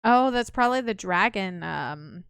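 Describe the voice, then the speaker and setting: A woman's voice: mid-range voice, expressive, measured pace, vocal fry, fairly bright tone, smooth, no room sound. A woman hosting a let's play, chatting through the game in a wry, casual way. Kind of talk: casual gameplay commentary.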